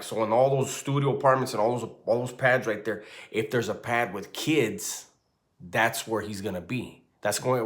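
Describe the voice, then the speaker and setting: A man in his forties casually telling a true ghost story in a loose, profane, animated way, often checking in with "right?". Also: lowish voice.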